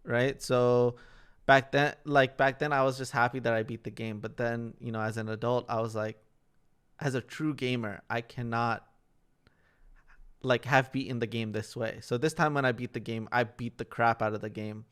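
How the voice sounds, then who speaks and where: Young man, podcast co-host, smooth clear voice, laid-back rambling chat. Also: medium pitch, fairly even intonation, normal speed, fairly bright tone. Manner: rambling, filler-heavy storytelling. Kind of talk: casual chat.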